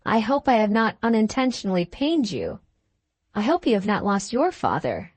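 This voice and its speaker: A good-humored young gentleman, read by a woman, cordial and eager with a frank, open manner. The audiobook voice is at an everyday pitch. It is a dry, close studio read. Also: very animated, normal speed, dry recording. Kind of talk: audiobook character reading.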